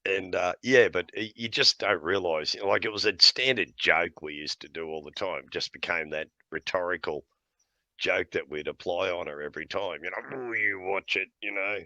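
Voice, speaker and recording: A man's voice: low voice, moderate pace, bright, forceful tone, no echo. A middle-aged man telling blunt, profane stories in casual chat, often laughing between lines. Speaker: podcast host.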